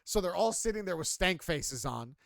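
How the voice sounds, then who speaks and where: Profane, animated young man telling a story. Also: sits high, normal speed, vocal fry, dry recording. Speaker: podcast co-host. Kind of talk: casual storytelling chat.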